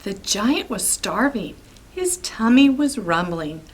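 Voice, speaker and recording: A woman librarian reading a picture book aloud to preschoolers in an expressive, sing-song way. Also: mid-range voice, slow, slight background noise, rough recording. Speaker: children's librarian storyteller.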